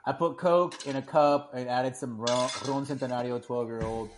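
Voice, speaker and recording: Male co-host, mid pitch, stumbling casual chat. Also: steady tone, slight background noise. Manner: halting, repeats words, self-deprecating. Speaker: podcast co-host.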